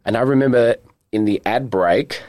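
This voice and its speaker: An Australian man in his thirties, a guest in a casual chat, telling stories in a camp, joking, animated way. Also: mid-range voice, dry recording. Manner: camp, animated storyteller, quick to joke.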